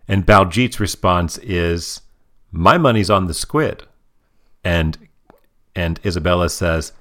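A man's voice: sits low, takes it slowly, a bit bright. A man co-hosting a podcast, chatting casually and explaining jokes in a dry way. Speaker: podcast co-host. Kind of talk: casual chat.

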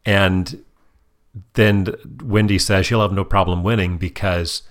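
A man's voice: low voice, steady tone, unhurried. A man co-hosting a casual chat, recapping cartoon scenes in a playful way and acting out quotes. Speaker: podcast co-host reviewing cartoon episodes.

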